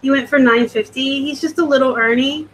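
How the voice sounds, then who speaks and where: A woman's voice: high-pitched, steady tone, fairly quick, low-quality recording. Chatty woman hosting a live stream. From West Coast of the US. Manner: chatty, rambling, casual. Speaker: host. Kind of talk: live-stream chat answering viewer comments.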